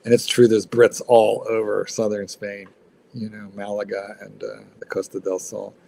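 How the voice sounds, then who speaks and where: A man's voice: fairly low pitch, little pitch movement, moderate pace, gravelly, warm tone, a little hiss or hum. Blunt rambling man. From United States. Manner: rambling and blunt, swears freely, many fillers. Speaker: livestream host. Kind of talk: casual chat.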